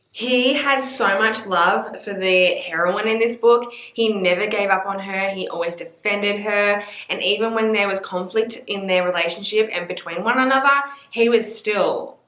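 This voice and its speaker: A woman's voice: mid-range voice, fairly bright tone, reverberant. A woman in her twenties with an Australian accent, chatting casually about books, gushing and swearing freely. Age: 20s. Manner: gushing and sweary, with playful swooning asides. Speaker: book vlogger. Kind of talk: casual chat.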